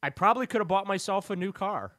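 A man's voice: high voice, lively intonation, fast talker, fairly bright tone, no echo, clean studio sound. A man on a sports radio show as the beat reporter guest, talking in rambling, emphatic runs full of restarts.

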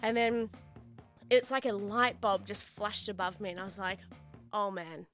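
A young Australian woman co-hosting a radio show, telling a story in casual banter, animated and dramatic as she acts out her own panic. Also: medium pitch, moderate pace, soft background music. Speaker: radio co-host. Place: radio studio. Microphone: studio microphone.

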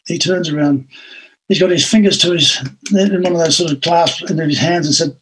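An older man with an Australian accent tells his stories in an animated, anecdotal way and acts out the quotes. His voice sits a little high and sounds husky. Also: moderate pace, rough recording. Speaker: interview guest. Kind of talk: storytelling in an interview.

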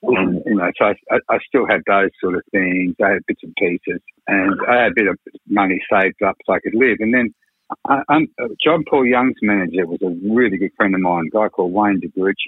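A record producer spins long, frank anecdotes in a radio chat, leaning on "you know". His voice sits low with a husky grain. It comes through dry and tinny, like a phone line. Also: brisk, no echo. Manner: rambling, frank, peppered with "you know" and swearing. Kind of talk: radio interview storytelling.

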